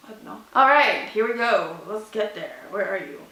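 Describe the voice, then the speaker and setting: A young Canadian woman vlogger telling a story loudly and animatedly, acting out each moment with lots of "like"s. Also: mid-range voice, moderate pace, reverberant, low-quality recording. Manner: loud, animated, dramatic retelling with many "like"s. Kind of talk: casual storytime.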